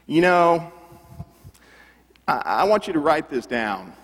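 Lively middle-aged male preacher. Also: on the high side, slow pace, long reverb tail. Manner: animated, conversational preaching with rhetorical questions. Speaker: pastor. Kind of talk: sermon.

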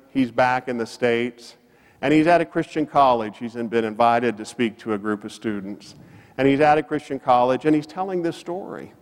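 A man preaching a sermon. He tells a story and swings his voice up and down for emphasis. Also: medium pitch. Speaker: pastor. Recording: long reverb of a church hall.

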